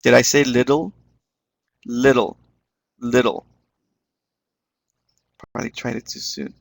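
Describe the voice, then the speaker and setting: A man's voice: mid-range voice, fast talker, creaky, no room sound. A man leading an online teaching webinar, encouraging the class and repeating words as he explains them. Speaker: webinar instructor.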